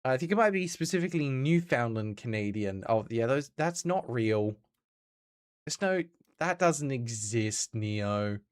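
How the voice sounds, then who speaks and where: Lively Australian man streaming games. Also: medium pitch, measured pace, clear, resonant tone. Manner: chatty, lively, reads and answers chat. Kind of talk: casual live-stream chat.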